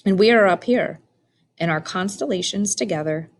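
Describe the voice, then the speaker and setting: A woman's voice: medium pitch, normal speed, a little hiss or hum, lightly acted. A woman voicing the cold, mocking stars of the night sky, taunting in a storybook reading.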